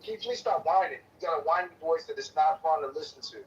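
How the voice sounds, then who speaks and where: A man's voice: fairly high pitch, fast talker. Fired-up man arguing over a distant lo-fi feed. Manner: profane, repetitive, forceful restarts. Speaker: debate participant. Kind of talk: heated political argument. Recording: distant lo-fi stream audio with faint noise.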